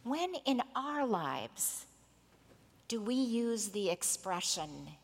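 Expressive woman preacher in a reverberant hall. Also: on the high side, very slow. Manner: storytelling, expressive, acts out quoted voices. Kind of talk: sermon.

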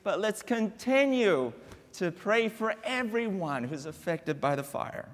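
A man preaching a sermon as a guest pastor in a church, telling a family story with drawn-out, deliberate repetitions. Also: high-pitched, animated, big-room sound. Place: church sanctuary.

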